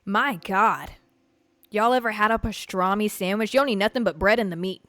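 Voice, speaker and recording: A woman hosting a podcast in casual chat, brash and excitable, swearing freely. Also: mid-range voice, normal speed, no echo, soft background music. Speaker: podcast host.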